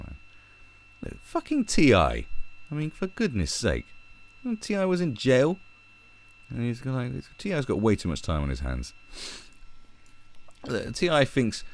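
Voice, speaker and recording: A man rants in a sarcastic, profane commentary, his low voice swinging widely in pitch. He talks like an online commentator venting to his viewers, with mocking asides. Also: gravelly. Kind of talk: ranting commentary.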